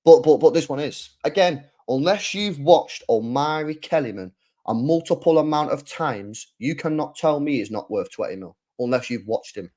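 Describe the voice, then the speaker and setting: A man's voice: on the high side, animated, moderate pace, warm tone. A man hosting a football channel, delivering a heated, sweary solo rant full of rhetorical questions.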